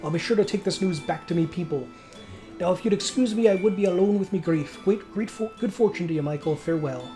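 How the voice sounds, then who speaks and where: A man voicing a gruff male dwarf clansman in a put-on Scottish accent, booming and a little stumbling. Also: fast, dark tone, soft background music, close to an everyday voice. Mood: solemn.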